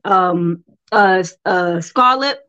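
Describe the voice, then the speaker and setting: A woman's voice: mid-range voice, very slow, bright, forceful tone, no room sound, dull audio. A woman from Brooklyn with a New York accent and a touch of Southern twang, chatting playfully as a podcast co-host. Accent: New York with some Southern country twang. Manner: laughs often, playful. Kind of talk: casual chat.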